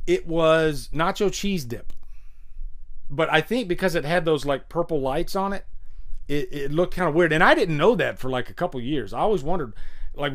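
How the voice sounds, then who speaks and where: A man's voice: a little high, fairly bright tone. A man hosting a live stream, chatting casually and enthusiastically with many fillers and restarts. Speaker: host of a live stream show. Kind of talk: casual live stream chat, reading chat comments.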